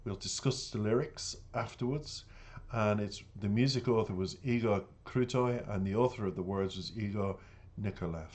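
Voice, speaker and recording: A man with an Irish accent and a fairly low voice talks straight to his viewers in a casual monologue. He is earnest and indignant as he rambles, and he calls the people listening "dears". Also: moderate pace, a little mellow. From Ireland. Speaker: reaction channel host.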